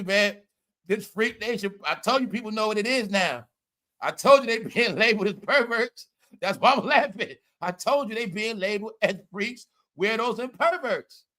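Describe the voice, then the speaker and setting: High, bright-voiced man ranting on a livestream. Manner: loud, laughing, profane, repeats "all right?". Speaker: commentary livestream host. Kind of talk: casual livestream commentary.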